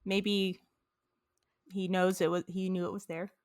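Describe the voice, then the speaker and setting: A woman's voice: on the low side, flat delivery, unhurried, a little mellow. A woman co-hosting a podcast, chiming in with short remarks and jokes during a casual recap. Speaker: podcast co-host.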